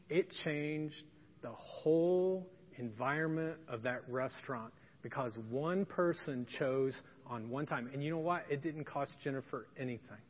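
A man's voice: medium pitch, husky. A man preaching a sermon, telling a story in a conversational, folksy and emphatic way. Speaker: pastor. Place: church sanctuary. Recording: dull lo-fi sound with long hall reverb.

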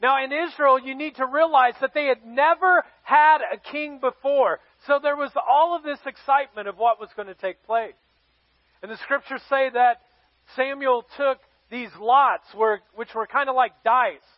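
A man's voice: very high-pitched, moderate pace, dry recording, muffled recording. A man preaching a sermon as pastor, telling a scripture story in a playful, joking way.

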